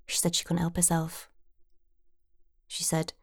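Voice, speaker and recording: A woman narrating a story in a hushed, confiding, husky whisper. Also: lowish voice, monotone, measured pace.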